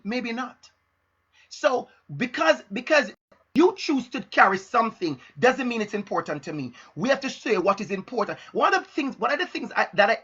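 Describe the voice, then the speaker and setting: Bright, husky-voiced man giving a pep talk. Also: high voice, very animated, brisk, lo-fi sound. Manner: emphatic, repeats phrases for stress; frank and direct. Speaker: motivational speaker. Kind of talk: motivational live-stream talk.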